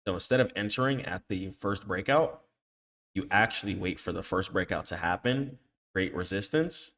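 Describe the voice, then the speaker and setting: Speaking at a normal speed with vocal fry, this man has a deep voice and a fairly bright tone. He's a trading educator walking through a chart on screen share, using casual slang and ending nearly every point with "okay?" When he warns about emotional trading, he scolds hard.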